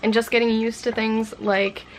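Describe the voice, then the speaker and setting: A woman's voice: on the high side, level tone, moderate pace, a little hiss or hum. A young woman talking about her language studies in a casual, candid and self-reflective vlog chat. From United States. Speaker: language-learning vlogger.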